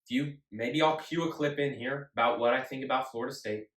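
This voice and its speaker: A man hosts his own sports show solo, talking casually and emphatically and repeating himself often. His mid-range voice is fairly quick and fairly bright. The mic sits at a distance in an echoey room.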